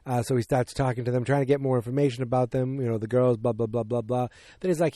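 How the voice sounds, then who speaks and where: A podcast host with a mid-range, dark-toned voice casually recaps a movie in a steady tone. He rambles, loses his place, and acts out lines in quick voices, all in a dry, clean studio recording.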